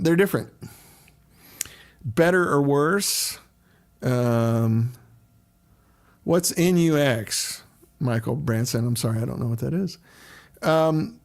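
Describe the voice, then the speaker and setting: A man's voice: medium pitch, creaky. A middle-aged man hosting a casual livestream, chatting loosely and greeting viewers by name as he answers their questions.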